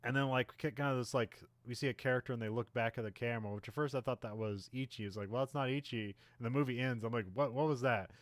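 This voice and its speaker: A man's voice: medium pitch, fairly even intonation, rapid-fire, few pauses, no room sound. Rambling man recapping a movie. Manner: rambling, many fillers, acts out characters' lines. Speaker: podcast co-host. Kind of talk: casual movie recap chat.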